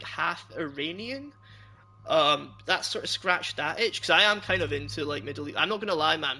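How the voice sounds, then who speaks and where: Gravelly, sharp-voiced Scottish man. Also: fairly high pitch. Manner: rambling, loose and laughing often, chatting to viewers. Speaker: streamer. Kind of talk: casual chat while streaming a game.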